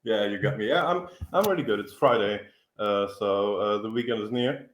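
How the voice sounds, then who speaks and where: Deep-voiced German man in an echoey room. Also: normal speed. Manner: hesitant, many fillers, friendly. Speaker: guest engineer. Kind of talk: casual interview.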